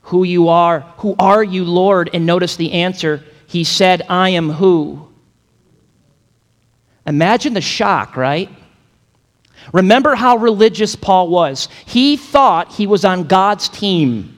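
A man's voice: high-pitched, expressive, slow pace. Man preaching in a reverberant hall. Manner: dynamic preaching, acts out quotes, builds to emphatic peaks. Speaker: pastor. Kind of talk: sermon.

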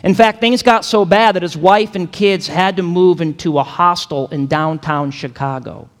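Male pastor, higher-pitched voice, dynamic emphatic sermon delivery, long hall reverb. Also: normal speed. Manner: dynamic preaching, acts out quotes, builds to emphatic peaks.

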